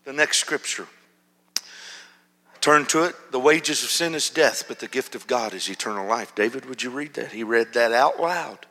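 A man preaching a storytelling sermon, dropping to a hush and then rising loud and animated. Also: medium pitch, normal speed. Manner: animated, swings from hushed to loud. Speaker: pastor. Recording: long hall reverb.

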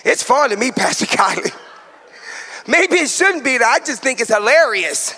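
A pastor in his forties preaching a sermon with a sing-song cadence, shouted peaks and humorous asides. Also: very high voice, big pitch swings, normal speed, big-room sound. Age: 40s.

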